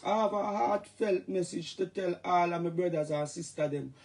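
High gravelly Jamaican man ranting. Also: moderate pace. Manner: animated, joking, Jamaican patois. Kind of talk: casual livestream rant.

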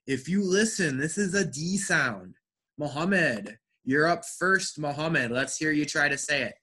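A man teaching an online English pronunciation class, speaking slowly and carefully and praising students. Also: a little high, expressive, sharp tone, breathy edge. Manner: slow, careful enunciation with encouraging feedback.

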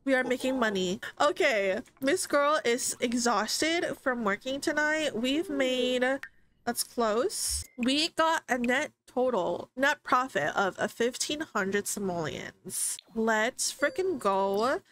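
A young woman casually commenting on a life-simulation game, chatty and excitable, often voicing her characters' thoughts. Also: high voice, slow, a little hiss or hum. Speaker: gaming streamer. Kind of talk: casual let's-play commentary.

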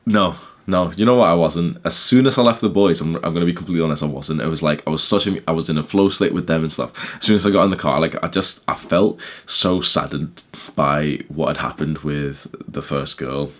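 Young guy vlogging quick, deep low voice, loads of likes and swearing, just telling a story. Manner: fast, chatty, swearing, lots of "like" fillers. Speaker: YouTuber. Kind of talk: casual vlog storytelling.

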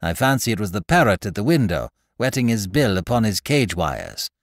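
A man's voice: on the low side, very animated, normal speed, no room sound, clean studio sound. A man voicing an eager male courtier who offers a mild, helpful suggestion. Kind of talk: dramatic audiobook reading.

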